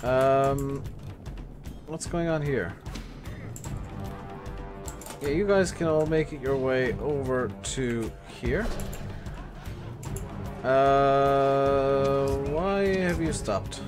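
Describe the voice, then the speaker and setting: Over music, a mid-range voice speaks extremely slowly, pausing often. The speaker is streaming a strategy game live, giving commentary, ordering his units about bossily and cursing at them.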